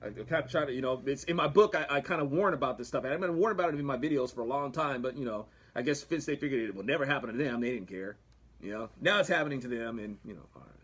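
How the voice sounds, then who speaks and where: A man's voice: mid-range voice, racing, a bit bright, breathy edge. A man hosting a livestream, talking casually about the Bible and the news, rambling with many restarts and chuckling asides. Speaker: livestream host.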